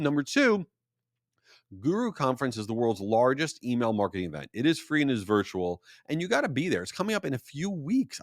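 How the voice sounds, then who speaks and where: A man hosting a solo podcast, telling stories in an animated, jokey way with self-deprecating asides. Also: medium pitch, dry recording, studio quality. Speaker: podcast host.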